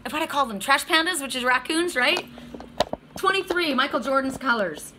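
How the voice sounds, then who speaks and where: A middle-aged woman giving a casual, emotional oracle card reading, excitable and tearful, swearing freely. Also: high-pitched, moderate pace, a little hiss or hum. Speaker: tarot and oracle card reader.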